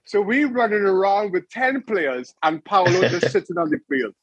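A man's voice: sits high, normal speed, slightly rough, no echo, highs cut off. A middle-aged man, a former goalkeeper, chatting as a guest and telling stories with laughter. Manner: animated storyteller, laughs often. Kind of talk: casual interview chat.

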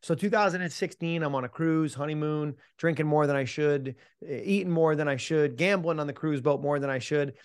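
A man's voice: a little high, a little fast, hardly any pauses, clear, resonant tone, no room sound, clean studio sound. A middle-aged man, a mental performance coach, telling a personal story as a podcast guest in a punchy, emphatic way, casually swearing and calling the listener "man". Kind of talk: animated storytelling in an interview.

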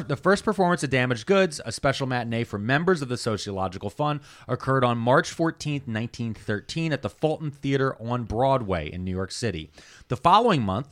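A man co-hosting a podcast, walking the others through his notes in a casual, animated way with many "uh"s and "like"s. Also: mid-range voice. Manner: animated storytelling with many fillers. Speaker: podcast co-host presenting the topic.

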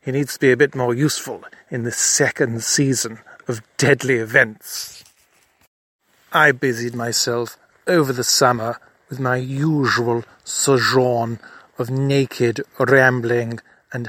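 A man's voice: medium pitch, steady tone, takes it slowly, a bit bright, no echo. A man narrating a mock-serious comedy in a pompous, formal, wordy and dry manner. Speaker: narrator and comic investigator.

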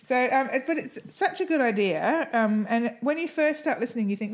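A woman co-hosting a podcast in casual chat, giggly and quick to correct herself. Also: fairly high pitch, animated. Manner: chatty, giggly, self-correcting. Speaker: podcast co-host.

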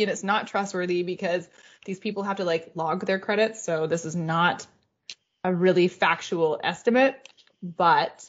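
Chatty woman recapping, dull recording. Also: on the low side. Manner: chatty recapping, frequent 'like' and casual swearing. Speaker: podcast host. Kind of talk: casual podcast chat.

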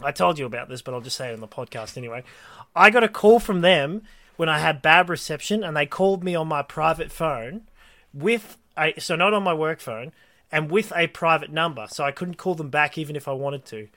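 A man's voice: on the high side, lively intonation, brisk, no echo. A man co-hosting a casual podcast chat, rambling and restarting his sentences as he tells stories. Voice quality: bright, rambling with many restarts. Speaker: podcast co-host.

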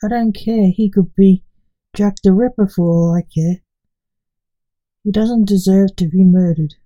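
A woman's voice: medium pitch, unhurried, mellow, muffled recording, lightly acted. A woman reading a storybook, voicing a commanding male police sergeant.

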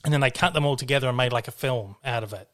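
A man chatting casually about movies, his pitch sitting in an ordinary middle range. He rambles, breaks off, restarts sentences and swears freely. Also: very fast. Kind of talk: casual chat about films.

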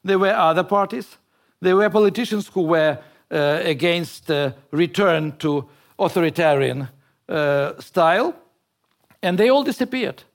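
Man, fairly high voice. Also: lively intonation. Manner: halting and reflective, searching for words in a second language. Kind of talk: personal storytelling in an interview.

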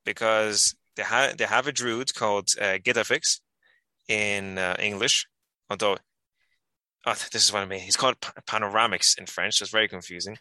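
A man's voice: lowish voice, fairly even intonation, normal speed, pushed and bright, no room sound, poor audio. A man co-hosting a podcast, talking enthusiastically in a rambling way about books he recommends, with many restarts. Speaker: podcast co-host. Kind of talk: casual book recommendation chat.

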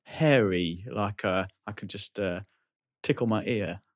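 A man's voice: lowish voice, a little slow. Hesitant man playing a cabin boy. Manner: hesitant, rambling, many fillers. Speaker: player. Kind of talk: in-character tabletop role-play.

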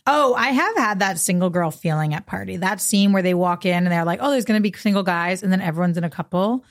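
A woman's voice: lowish voice, fast. Playful young woman podcast co-host. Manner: playful, teasing with filler words. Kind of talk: casual chat.

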